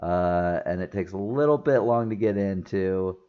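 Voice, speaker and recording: A man with a lowish voice chats through a movie review, laughing often and restarting his sentences as he goes. The recording is a little dull and lo-fi. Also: moderate pace. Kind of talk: casual spoken movie review.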